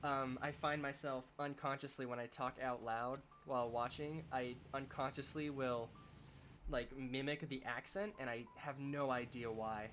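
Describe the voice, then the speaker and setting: A man's voice: mid-range voice, fairly even intonation, normal speed, fairly bright tone, slight background noise. A young man streaming a game, chatting casually and rambling as he thinks aloud, often restarting his sentences. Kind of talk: casual chat while playing a game.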